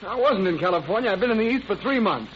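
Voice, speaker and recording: A man's voice: high-pitched, expressive, fast, a little hiss or hum. An actor playing an exhausted, stubborn male suspect who keeps insisting on his denials, in 1940s radio acting. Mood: weary. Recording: muffled old radio broadcast.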